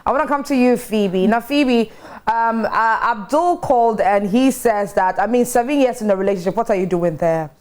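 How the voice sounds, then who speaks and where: A woman's voice: fairly high pitch, moderate pace, a little mellow. A woman hosting a live morning TV talk show, taking calls and steering the panel with frequent short affirmations.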